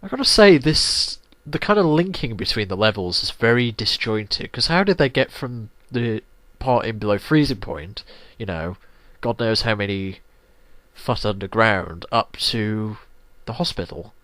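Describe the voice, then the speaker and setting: Over game music, a let's play host with a voice on the low side talks in an unhurried way, giving casual, rambling commentary full of lively swearing. The recording is dry.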